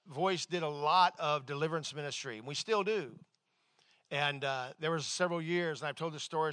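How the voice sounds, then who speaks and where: A male pastor preaching a sermon, telling a personal story in a conversational, animated way with frequent restarts. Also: on the high side.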